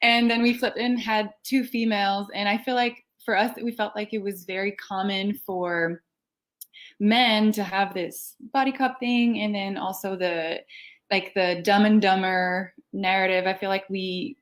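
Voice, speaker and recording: A woman with a French accent chats casually about her film as an interview guest. She giggles often and fills her pauses with ums. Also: medium pitch, fairly even intonation. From France. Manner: giggly, frequent laughter and fillers. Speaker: filmmaker guest.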